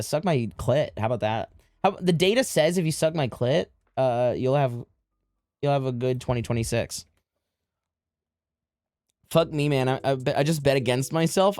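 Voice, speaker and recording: A woman chats through a community game livestream in a loose, joking way, cursing freely. Her pitch swings around a lot as she talks. Soft music plays underneath. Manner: animated, joking, swears freely. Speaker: livestream host running community games. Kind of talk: casual game-stream chat. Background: faint music.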